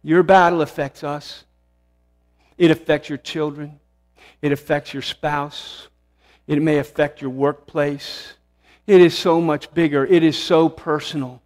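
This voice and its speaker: Male pastor, high voice, mid-sermon; builds to emphatic peaks, then drops to a hush. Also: fairly even intonation, unhurried, in a large hall, soft background music. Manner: impassioned, swelling to emphatic peaks then dropping hushed. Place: church sanctuary.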